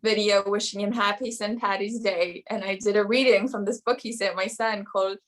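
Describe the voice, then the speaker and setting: A woman's voice: medium pitch, steady tone, brisk. A woman, an actress, talking casually in an interview and filling her sentences with "you know" and "um". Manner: rambling, many "you know" and "um" fillers.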